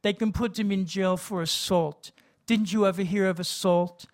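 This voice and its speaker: A man voicing a shrill, scolding mother. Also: fairly even intonation, normal speed. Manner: shrill and nagging. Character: fretful, scolding middle-aged mother.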